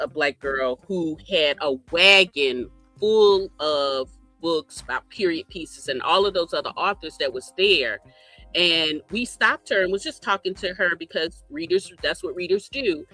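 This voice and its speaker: Man co-host, bright tone, reflective chatter, faint music behind. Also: a little high, a little slow. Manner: reflective, lots of "you know" fillers. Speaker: podcast co-host. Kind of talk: casual chat.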